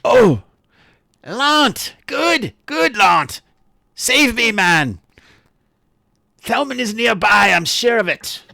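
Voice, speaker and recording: A man voicing a poisoned captive who pleads for help in a shrill falsetto. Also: big pitch swings, extremely slow, gravelly, pauses often, sharp tone, no echo, clean studio sound, full character voice. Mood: pleading.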